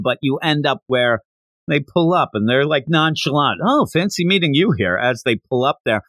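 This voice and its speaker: Animated man retelling a comic. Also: mid-range voice, no room sound. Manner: animated storytelling, slipping into character voices. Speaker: podcast host. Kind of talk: casual comic recap.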